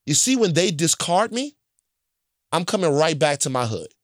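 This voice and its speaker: A man's voice: on the high side, big pitch swings, moderate pace, no echo, clean studio sound. A man from Louisiana telling stories in a casual chat, blunt and emphatic, often checking in with "right?". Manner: profane and blunt.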